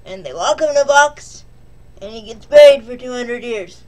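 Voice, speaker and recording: A woman's voice: fairly high pitch, lively intonation, normal speed, a little mellow. A woman vlogger casually recapping a film in a rambling, joking, self-deprecating way.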